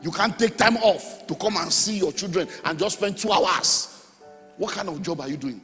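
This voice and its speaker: A middle-aged Nigerian man preaching a sermon as pastor, animated, with sudden shouts and sung phrases. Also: sits high, moderate pace. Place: church hall. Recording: long hall reverb, faint music.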